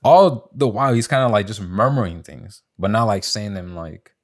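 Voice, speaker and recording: A young man with a lowish, animated voice speaks at normal speed while co-hosting a podcast. In a casual storytelling session among friends, he swears often and performs quotes in a raised voice.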